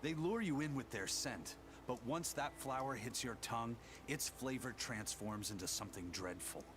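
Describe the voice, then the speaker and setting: A man's voice: medium pitch, normal speed, lightly acted. An actor voicing a proud, stubborn grown male pirate in a video game, dramatic and argumentative. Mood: explaining. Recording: game audio with ambient noise.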